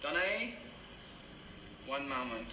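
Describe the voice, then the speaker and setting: A man's voice: mid-range voice, big pitch swings, slow, muffled recording, noisy background. An actor playing a flamboyant male art gallery clerk, talking in a made-up foreign accent with formal, mangled English. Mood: prim, fussy. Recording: roomy film soundtrack with ambience.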